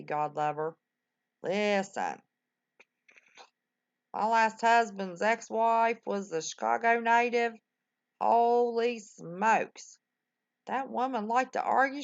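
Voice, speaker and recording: A woman's voice: fairly high pitch, vocal fry, fairly bright tone, highs cut off. An older woman, chatting folksily with her livestream viewers, full of exclamations. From West Virginia. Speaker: livestream host. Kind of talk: casual chat with live viewers.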